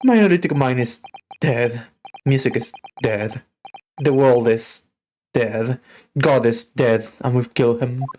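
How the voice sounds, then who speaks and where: A woman voicing a gloomy, dramatic male detective who plays violin, reading game dialogue aloud in a slow, melancholy way. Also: very deep voice, dark tone, slight background noise, voice pushed down.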